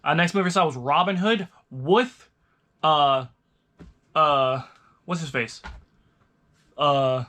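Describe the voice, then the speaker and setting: A young man talks casually to camera, rambling loosely and starting his sentences over. His voice is bright and forward, pitched a little high for a man. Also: slow pace, long pauses. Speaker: vlogger reviewing movies. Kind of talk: casual chat.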